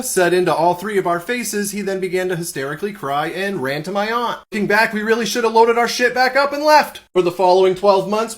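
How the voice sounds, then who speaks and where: A man telling a creepy family story in a matter-of-fact, casual way. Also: high-pitched.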